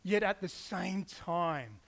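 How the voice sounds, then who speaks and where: Male pastor, higher voice, lively storyteller who acts out quotes. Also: slow, gravelly. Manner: animated storytelling, acts out quotes with playful asides. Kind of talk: sermon.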